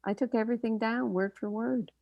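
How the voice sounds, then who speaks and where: A woman's voice: fairly high pitch, steady tone, fairly quick, gravelly, darkish tone, no echo, muffled recording. An older woman, a doctor hosting a radio talk show, telling stories in a chatty way with frequent laughs. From Canada. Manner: chatty storytelling, laughs often. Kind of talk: casual radio chat.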